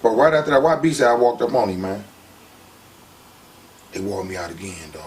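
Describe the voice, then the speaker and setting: A man in a casual interview telling his story in an animated, slangy way. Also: fairly low pitch, a little fast, distant mic, a crowd in the background. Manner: animated, slangy, heats up when retelling conflicts.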